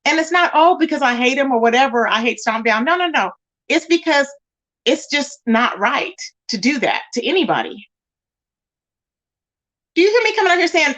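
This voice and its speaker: A woman's voice: sits high, sing-song, moderate pace, long pauses, fairly bright tone. A woman hosting a casual livestream, greeting viewers by name and reading their comments aloud in an emphatic, repetitive way. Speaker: livestream host.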